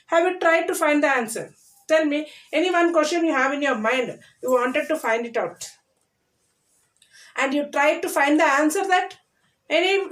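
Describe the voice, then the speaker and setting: A woman teacher, giving a recorded class lesson and repeating words slowly for children to say after her. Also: sits high, roomy sound, low-quality recording.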